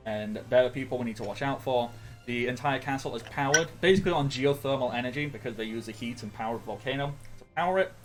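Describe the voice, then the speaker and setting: Man recapping the last tabletop session, loose and rambling, faint music behind. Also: mid-range voice. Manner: rambling, lots of ums and self-corrections. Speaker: player giving the session recap. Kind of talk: casual recap of a tabletop game.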